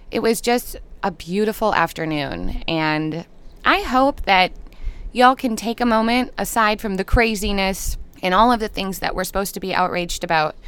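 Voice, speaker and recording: A woman with a Minnesotan accent, giving a podcast intro in a gentle, earnest, unhurried way. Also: fairly low pitch, smooth, no echo. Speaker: podcast host. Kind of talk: reflective podcast intro monologue.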